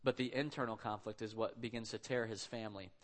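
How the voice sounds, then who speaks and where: A man's voice: lowish voice, fairly even intonation, quick pace. A man in his thirties preaching a sermon in a conversational, storytelling way. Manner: conversational storytelling, acts out quotes. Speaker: pastor.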